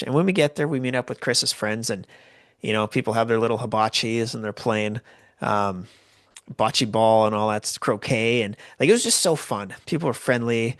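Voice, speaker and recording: A Canadian man telling a story in a loose, rambling way, full of "like" and false starts. His voice sits at an ordinary middle pitch and sounds dry and close, with no room around it. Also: gravelly, no room sound. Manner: rambling, lots of "like" and restarts. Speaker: podcast host. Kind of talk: casual storytelling.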